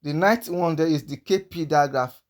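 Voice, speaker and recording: A man teaching a language lesson, working through a list of sounds and repeating each example slowly several times. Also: fairly high pitch.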